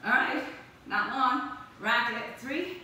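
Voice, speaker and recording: A woman's voice: fairly high pitch, sharp tone. A woman fitness instructor leading a live workout class, calling out counts and encouraging the group. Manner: brisk counting cues and upbeat encouragement. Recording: very echoey room, distant mic, faint noise.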